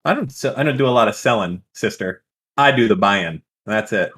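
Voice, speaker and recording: A man's voice: fairly low pitch, animated, brisk, a bit bright. A young man co-hosting a call-in dating show, casual, crude and joking, swearing often. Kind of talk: casual streaming chat.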